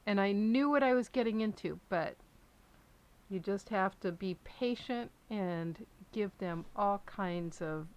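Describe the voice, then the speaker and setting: At home in a small room, a woman live streamer chats casually with her viewers and her dogs. Her mid-range voice keeps a measured pace, coaxing the dogs and softening to a hush when praising them, all over dull lo-fi stream audio.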